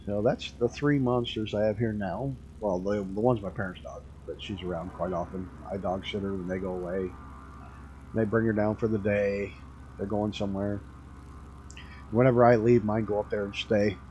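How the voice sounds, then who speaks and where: A man's voice: fairly low pitch, fairly even intonation, moderate pace, warm tone, dull audio, a little hiss or hum. A man streaming a flight game, chatting casually and rambling through stories with the odd swear word. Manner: laid-back rambling storyteller, swears casually.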